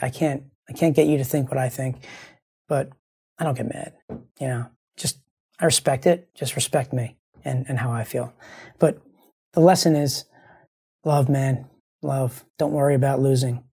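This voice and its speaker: A man hosts his show through fresh grief, holding back tears. His voice is mellow and dark, with a husky, gravelly fry. He rambles earnestly and circles back to the same phrases. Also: mid-range voice. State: grieving, close to tears. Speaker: show host. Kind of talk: heartfelt monologue to listeners.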